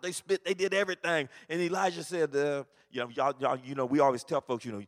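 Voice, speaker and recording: A pastor preaching a sermon, moving from quiet teaching to shouted fervor. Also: male voice, fairly high pitch, fairly even intonation, a little fast, few pauses.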